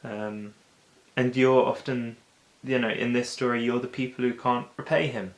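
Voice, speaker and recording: A man giving an informal, chatty Bible talk as host of a daily video show, slipping into quick acted-out asides. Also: mid-range voice, little pitch movement, roomy sound. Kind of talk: casual Bible teaching.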